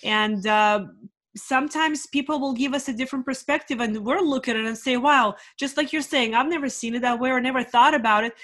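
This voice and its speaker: A woman appearing as a guest in an interview, giving earnest business advice and slowing down on the words she wants to stress. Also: high voice, a bit bright. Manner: earnest, urging, fast bursts then slow emphasis.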